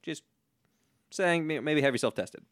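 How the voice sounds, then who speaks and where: A man co-hosting a casual podcast, explaining a party game in a relaxed, joking way. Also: a little high, unhurried, no room sound. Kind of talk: casual chat.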